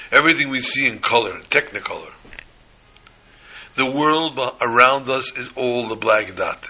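A man preaching a sermon, telling a story with lively emphasis. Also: medium pitch, slightly rough, poor audio. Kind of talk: sermon with a told joke.

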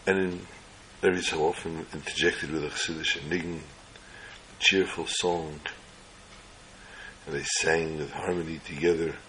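A man with a very deep voice tells an inspirational religious story. His tone is bright and forceful, and he delivers it in slow, measured phrases. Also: steady tone, slight background noise, low-quality recording.

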